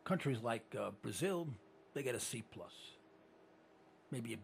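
A male radio talk show host, delivering an animated, ranting, opinionated monologue into a studio microphone. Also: medium pitch, a little slow, gravelly, slight background noise. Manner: animated and ranting, with repeated catchphrases.

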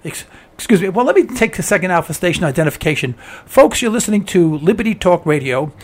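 A man hosting a call-in talk radio show, hoarse with laryngitis, ranting with exasperation and repeating himself. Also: high-pitched, lively intonation, quick pace.

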